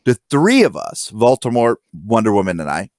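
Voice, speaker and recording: A man telling stories in a casual podcast chat, acting out quotes loudly. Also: on the low side, normal speed, dry recording, studio quality. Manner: animated storyteller, acts out quotes loudly. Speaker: podcast guest.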